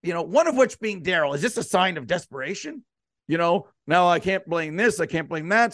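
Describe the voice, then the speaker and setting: A man's voice: sits high, fairly bright tone, dry recording, clean studio sound. A man hosting a casual sports podcast, asking long, rambling, leading questions. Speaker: podcast and radio host.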